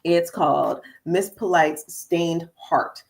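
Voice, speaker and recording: A woman's voice: on the low side, slow pace, gravelly. A middle-aged woman hosting her own podcast as a conflict coach, talking casually and animatedly to listeners, calling them "y'all". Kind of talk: casual morning podcast monologue. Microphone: studio podcast microphone.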